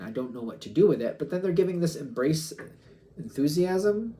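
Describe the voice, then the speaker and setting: A man's voice: medium pitch, brisk, dark tone. A man giving a casual tarot reading, musing aloud and acting out quoted back-and-forths. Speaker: tarot reader.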